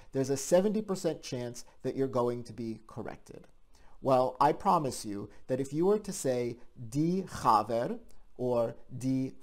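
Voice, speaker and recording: A man in a mid-pitched voice leads a language lesson with playful, teasing asides. He explains points clearly and keeps the tone light. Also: darkish tone. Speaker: language teacher. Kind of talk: scripted lesson for an online show.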